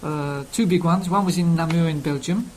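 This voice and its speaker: A man from England with a Cockney London accent introduces himself casually as a language learning speaker, rambling and filling his speech with ums and uhs. His voice is on the high side and a little mellow, at a normal speed, on a low-quality recording with slight background noise.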